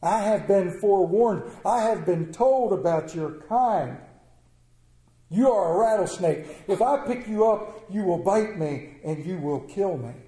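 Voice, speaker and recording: A man's voice: high voice, animated, a little slow, mellow. A man voicing a wary young youth who speaks firmly in a storytelling talk. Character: young male Native youth, wary and firm. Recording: roomy echo.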